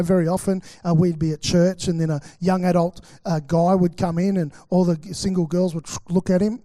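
Middle-aged Australian pastor, high-pitched, anecdotal preacher who acts out his quotes, dry close sound. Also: mellow, no echo. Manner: chatty storytelling, acts out quotes, many fillers. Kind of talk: sermon with personal stories.

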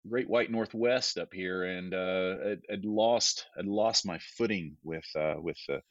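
A man in casual conversation as a podcast guest, talking in a relaxed, rambling way with lots of fillers and restarts. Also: low voice, a little slow, no echo. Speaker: guest theologian. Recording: dull, slightly lo-fi dry audio.

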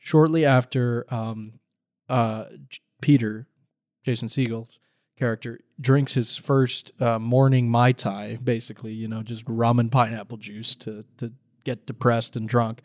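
A podcast co-host in casual chat, talking fast and retelling scenes from a film. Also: mid-range voice, steady tone, darkish tone, dry recording, studio quality.

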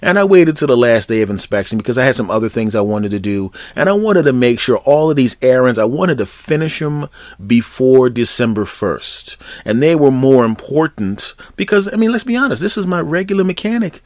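A man's voice: medium pitch, animated, normal speed, darkish tone, no echo, studio quality. A man hosting his own solo comedy podcast, rambling and joking with mock threats toward his listeners. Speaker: podcast host.

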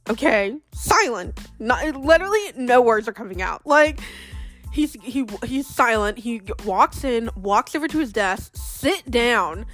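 A woman's voice: fairly high pitch, fairly bright tone. A young woman telling a story casually in a chatty way, with many fillers and frequent laughter. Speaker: vlogger.

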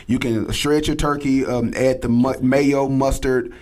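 A man's voice: medium pitch, measured pace. A man as a guest cook on a talk show, casually listing ingredients and prices with plenty of ums. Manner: relaxed, lists items and prices with fillers. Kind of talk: casual radio chat, recipe rundown.

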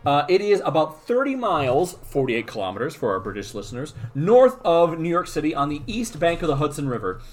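A man's voice: fairly high pitch, sing-song, brisk, hardly any pauses. Man co-hosting, chatty and guiding. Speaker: podcast co-host. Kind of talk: casual chat.

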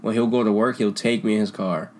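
A young man telling stories from school in a casual, slangy chat, laughing often and trailing off into quieter mumbles. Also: on the low side, steady tone, fairly quick. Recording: faint background noise.

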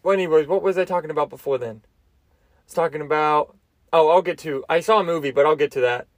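A man's voice: fairly high pitch, fast, dry recording. Crude rambling young man, dry close mic. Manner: loose, crude, self-amused storytelling with frequent restarts. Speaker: podcast host. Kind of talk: rambling solo comedy podcast. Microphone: close mic, seated.

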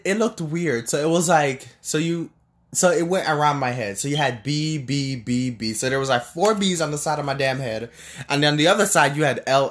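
A man's voice: on the high side, a bit bright. A young man from Jamaica in casual, rambling storytelling, full of restarts and fillers. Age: young adult.

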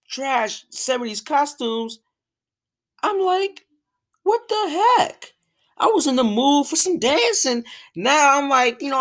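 A young woman hosting a podcast, ranting casually in an exasperated, animated way, full of restarts and fillers. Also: on the high side. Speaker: podcast host.

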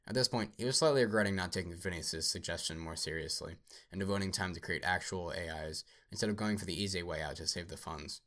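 A man reading a science fiction story aloud at a steady pace, with small slips. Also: low-pitched, quick pace. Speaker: narrator.

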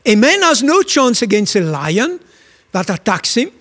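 Man, preacher, sermon, emphatic storytelling, rhetorical questions, high-pitched, echoing hall. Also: big pitch swings, unhurried, fairly bright tone.

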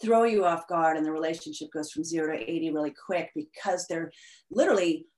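A woman guest in a conversational interview, explaining at length in an animated way with frequent fillers. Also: sits low, brisk.

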